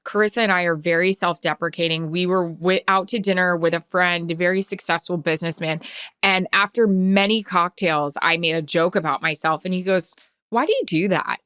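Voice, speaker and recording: A woman's voice: fairly low pitch, steady tone, a little fast, a bit bright, clean tone, no room sound, studio quality. A woman co-hosting a podcast in casual chat, candid and chatty as she tells stories. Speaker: podcast co-host.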